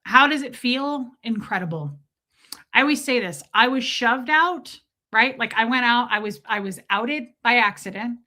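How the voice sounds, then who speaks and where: Bright and a little high, with lively intonation and a forceful tone at normal speed, a woman runs a laid-back livestream, voicing viewers' comments and firing back with profane, exaggerated, playful teasing.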